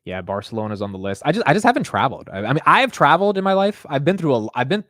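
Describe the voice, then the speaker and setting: A man's voice: mid-range voice, big pitch swings, rapid-fire, fairly bright tone, dry recording, clean studio sound. A young man hosting a livestream, chatting casually in a loose, rambling way and saying "dude" a lot. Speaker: livestream host. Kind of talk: casual stream chat.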